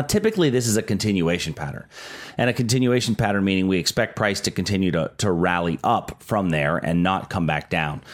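A middle-aged man co-hosting a casual talk show, explaining stock market trends with frequent restarts. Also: deep voice. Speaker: market analyst co-host.

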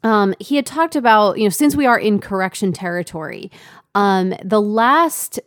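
A woman's voice: mid-range voice, animated, normal speed, no room sound, clean studio sound. A woman co-hosting a casual market talk show, conversational and laughing easily, with lots of fillers. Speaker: co-host.

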